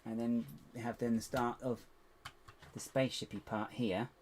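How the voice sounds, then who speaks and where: A man chatting to viewers in a casual building vlog, rambling to himself with playful squeaky exclamations. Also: little pitch movement, normal speed, a little mellow, slight background noise. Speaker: LEGO builder and channel host.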